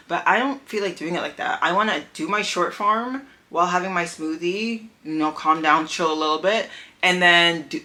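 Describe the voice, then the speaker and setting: A woman's voice: low-pitched, bright, forceful tone, poor audio. Chatty young woman vlogging on a walk. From Canada. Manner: chatty, rambling, lots of "like" and "um". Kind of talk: casual vlog chat. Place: outdoors on a walk, then at home.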